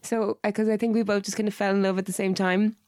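A woman's voice: mid-range voice, level tone, fast talker, darkish tone, no echo, clean studio sound. A woman co-hosting a podcast, telling a long personal story in a chatty way and quoting herself and others. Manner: chatty anecdote-teller who quotes herself and others. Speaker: podcast co-host. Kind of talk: casual chat.

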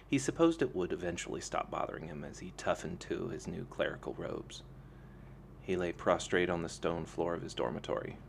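A man narrating a fantasy novel as an audiobook, in a calm, even storytelling manner. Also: low-pitched, vocal fry, a little hiss or hum.

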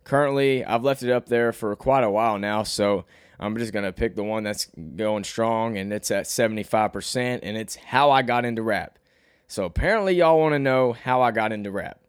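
A young podcast host and rapper from Arkansas, with a slight Southern twang, rambles through a self-deprecating monologue on his own show, restarting often and rising in pitch when he gets animated. He speaks at a moderate pace in a clean tone, recorded in a clean studio with no room sound.

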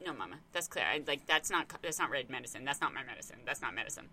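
A woman's voice: extremely low pitch, lively intonation, racing, pushed and bright, slight background noise, voice pushed down, heavily acted. A woman voicing her stubborn two-year-old son, who insistently refuses his medicine. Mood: protesting. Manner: insistent, protesting.

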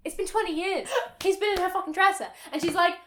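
A woman's voice: extremely high pitch, quick pace, roomy sound, a little hiss or hum. A woman recapping a film in casual chat, swearing often and getting worked up. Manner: swears a lot, animated and exasperated.

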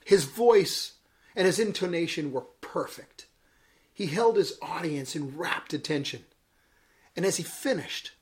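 Expressive bishop telling a devotional story. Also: male voice, fairly high pitch. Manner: dramatic, varied delivery with chuckles at his own jokes. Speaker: bishop giving a daily devotional message.

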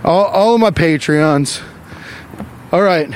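A man hosting a comedy podcast in a rambling, profane monologue with quick asides. His voice sits high and moves through a lively range. Faint traffic and outdoor noise hum in the background. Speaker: podcast host.

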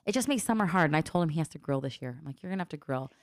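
A woman in her thirties co-hosting a podcast, relaxed and laughing easily. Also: low voice, very fast, no echo, clean studio sound. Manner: easygoing, laughs often. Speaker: podcast co-host. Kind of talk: casual chat.

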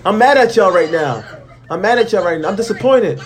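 A woman's voice: mid-range voice, lively intonation, fairly quick. A woman hosting a casual podcast, teasing and scolding her friends with laughter.

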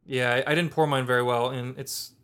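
A man's voice: medium pitch, fairly even intonation, a little fast, fairly bright tone, clear, resonant tone. A man co-hosting a casual beer podcast, jokey and playful in his chat. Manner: jokey, playful, reads labels aloud. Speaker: podcast co-host.

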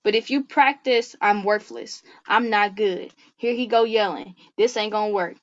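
A woman guest on a faith-based podcast, talking earnestly in an animated, preacherly way. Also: medium pitch, moderate pace, muffled recording.

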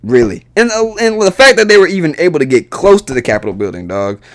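A man's voice: on the high side, big pitch swings, quick pace. A man hosting a podcast, ranting in a profane, exasperated way, his voice jumping up when he gets heated. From United States. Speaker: podcast host. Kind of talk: solo podcast rant.

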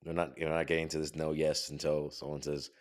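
A man's voice: extremely low pitch, flat delivery, brisk. A young man co-hosting a casual podcast chat, teasing and meandering, with lots of filler words.

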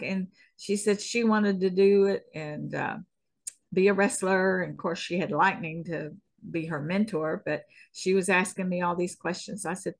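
Slow-talking middle-aged Southern woman. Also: lowish voice. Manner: unhurried, folksy, chuckles often. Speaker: guest, stunt woman. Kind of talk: casual interview chat.

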